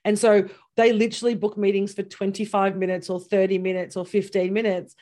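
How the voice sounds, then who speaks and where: A woman coach in a casual chat, animated, acting out quoted dialogue and laughing often. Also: medium pitch, fairly quick. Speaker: business coach.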